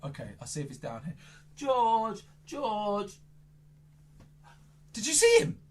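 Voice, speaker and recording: Speaking slowly at a medium pitch that swoops wildly, this children's entertainer runs through silly, over-the-top magic show patter. Loud squeals give way to hushed asides and back again.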